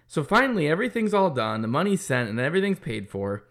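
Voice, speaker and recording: A man's voice: a little high, very animated, fast. A man who runs a business, telling a frustrated story in a casual, profane, heated monologue. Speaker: business owner opening a kart track.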